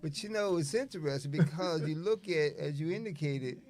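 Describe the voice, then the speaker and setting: A man's voice: on the high side, moderate pace, darkish tone. A man hosting a radio talk show, giving advice like a storyteller and acting out little quotes from other people. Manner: preachy, storytelling, acts out quotes. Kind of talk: casual radio chat.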